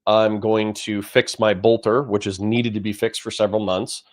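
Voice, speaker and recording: A man with a lowish, level voice talks at a normal speed while hosting a relaxed livestream. He wanders from topic to topic with self-deprecating remarks, yawning because he's still half asleep.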